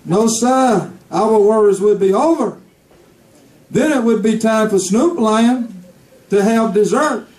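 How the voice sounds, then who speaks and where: A man's voice: high voice, slow, a little mellow. A man telling a crude satirical joke as a stand-up monologue, recorded in an echoey room with the mic at a distance. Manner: crude, joking storytelling. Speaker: comedian.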